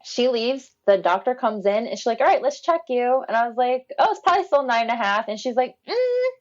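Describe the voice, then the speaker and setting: Woman, casual storyteller, animated, mimics voices, laughs a lot, muffled lo-fi audio. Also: fairly high pitch, quick pace. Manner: animated, quotes people with lively voice changes, laughs often. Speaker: podcast guest telling her birth story.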